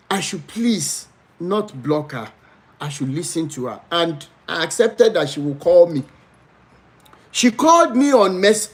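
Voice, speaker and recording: A Nigerian man hosting a live stream, telling a personal story with big pitch swings and pleading with viewers to follow one another. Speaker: livestream host.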